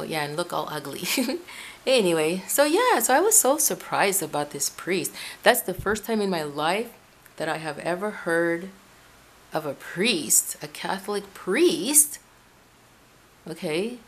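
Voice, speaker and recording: Chatty woman vlogging about faith at home. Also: lowish voice. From Ecuador. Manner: chatty, rambling, frequent self-corrections. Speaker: Christian video blogger. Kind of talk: casual religious vlog talk. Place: room at home by a window. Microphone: camera in front of her.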